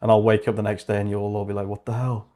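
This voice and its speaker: A young man with a slightly low voice talks loosely through a coding livestream. He swears, muses aloud, and drops into a flat murmur when reading notes off his screen. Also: very fast. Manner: chatty, swears freely, thinks aloud. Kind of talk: casual livestream chat while coding.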